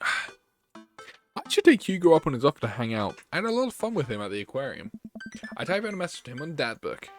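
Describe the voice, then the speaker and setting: A man's voice: medium pitch, very animated, fairly quick, soft background music. A man streaming a game, reading its text aloud and chatting with his viewers. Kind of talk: gaming livestream chat.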